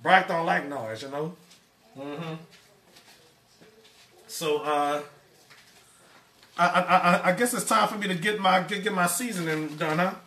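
A man's voice: fairly high pitch, unhurried, long pauses, sharp tone. A man hosting a home cooking live stream, rambling casually and stumbling over repeated words. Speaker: cooking show host. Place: home kitchen. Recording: echoey kitchen, far from the mic.

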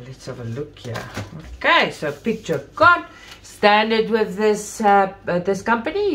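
A woman host chatting to viewers in an unboxing video, gushing with praise, still recovering from an illness with coughs and throat-clearing. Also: fairly low pitch, a bit bright, slight background noise. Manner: gushing, effusive about everything. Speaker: craft channel host. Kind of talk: casual unboxing chat to viewers.

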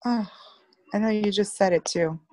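A woman student reading aloud hesitantly in a lesson, apologetic and full of pauses. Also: mid-range voice, darkish tone, no room sound.

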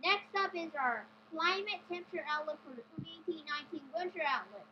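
A woman's voice: sits high, lively intonation, brisk, background noise. A woman giving an amateur weather report off a map, hesitant and stumbling over place names. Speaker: weather presenter. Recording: dull lo-fi recording.

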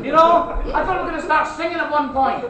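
A Scottish man doing a loud, sweary, rambling stand-up set on a club stage. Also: very high voice, steady tone, fast talker. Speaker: stand-up comedian and compere. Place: comedy club stage, live audience. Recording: echoey live club recording from far off, loud crowd and noise. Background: audience laughter.

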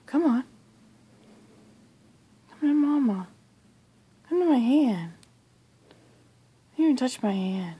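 Middle-aged woman, husky half-whisper, slow and tender cooing, bedroom at night. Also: sits high, animated, mellow. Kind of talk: soft-spoken recorded monologue.

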